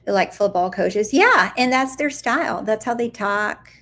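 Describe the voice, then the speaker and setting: A woman coach talks casually on a live stream in a mid-pitched voice with a gravelly, fry-tinged edge. She is chatty and playful, goofs around as she answers viewer questions, and keeps checking in with her listeners. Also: animated, a little slow, fairly bright tone. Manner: chatty, playful and goofy, full of "like" and "do you see?". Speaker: law of attraction coach.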